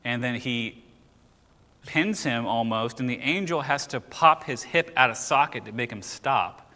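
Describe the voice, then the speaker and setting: A man leads a church Bible class in a casual, conversational way, reading scripture and tossing questions and jokes to the class. His voice is bright and forceful at a middle pitch. A long reverb trails his words through the church room. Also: animated, measured pace. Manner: conversational, joking, quizzes the class.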